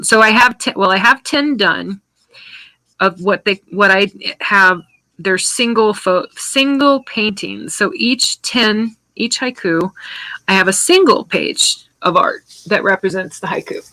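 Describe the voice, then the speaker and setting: A woman's voice: medium pitch, sharp tone, dry recording, poor audio. A middle-aged woman chatting casually while she paints on a live stream, rambling with many restarts and answering viewer comments.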